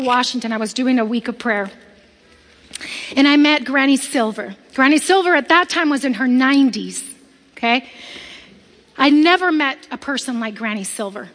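A woman's voice: sits high, long reverb tail. A woman preaching a sermon, telling a personal story and acting out the voices of the people in it. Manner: animated, acts out quoted voices.

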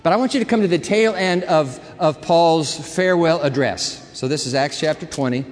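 Emphatic preacher in an echoing hall. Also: male voice, fairly high pitch, normal speed. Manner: emphatic preacher, repeats words, swings between quiet and loud. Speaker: pastor. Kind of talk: sermon. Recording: long hall reverb.

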